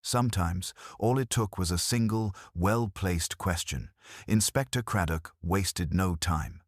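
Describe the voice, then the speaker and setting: A man narrating a scripted mystery story in a measured, even way. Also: low voice, no echo, clean studio sound.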